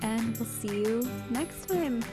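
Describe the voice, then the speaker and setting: A woman's voice: fairly high pitch, slow, music in the background. A woman hosting a podcast in casual chat, gushing and reacting with gasps and exclamations. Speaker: podcast co-host.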